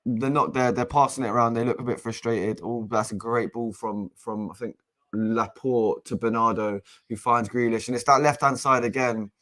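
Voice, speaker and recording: A young man giving casual live match commentary as a fan co-host, excitable and exasperated, with frequent restarts. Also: mid-range voice, normal speed. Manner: excitable and exasperated, swears, repeats and restarts phrases.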